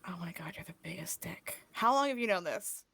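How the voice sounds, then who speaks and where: A woman's voice: mid-range voice, animated, brisk, fairly bright tone, slight background noise. Woman playing a sarcastic woman detective. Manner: sarcastic, exasperated, sighing. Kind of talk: voicing a character in a tabletop game.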